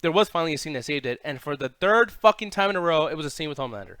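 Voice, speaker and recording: A man with a slightly high voice talks quickly and bluntly through a TV recap. He swears casually and sounds laid-back. The sound is close and dry, with no room around it. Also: lively intonation, fairly bright tone, no echo. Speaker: podcast co-host.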